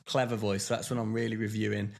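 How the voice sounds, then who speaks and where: A man's voice: on the low side, level tone, fast talker, gravelly. A man co-hosting a podcast, chatting casually with lots of fillers and restarts. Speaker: podcast co-host. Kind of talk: casual chat.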